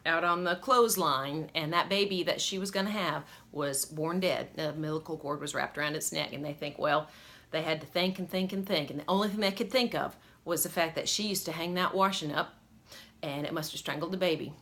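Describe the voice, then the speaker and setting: A woman's voice: sits low, brisk, fairly bright tone. A woman telling embarrassing stories from her life in a rambling, self-mocking way, laughing often. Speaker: vlogger telling personal stories. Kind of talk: casual story-time vlog.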